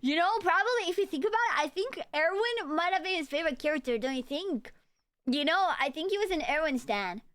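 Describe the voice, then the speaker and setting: A woman's voice: very high-pitched, lively intonation, fairly quick, a bit bright. A woman streamer reacting to a video with casual, joking, playful commentary.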